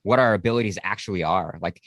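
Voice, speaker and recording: A male podcast host with a fairly low voice talks in an easy, conversational way, dropping in a casual curse and steady murmurs of agreement. The recording is dry and close-miked. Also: fast talker, dry recording. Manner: relaxed, conversational, occasional swearing, frequent "mm-hmm" backchannel.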